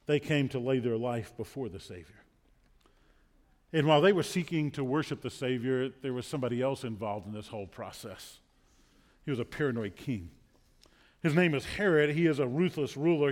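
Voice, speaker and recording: A man preaching a sermon as pastor, telling stories earnestly and repeating words when he presses a point. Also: medium pitch. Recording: long hall reverb.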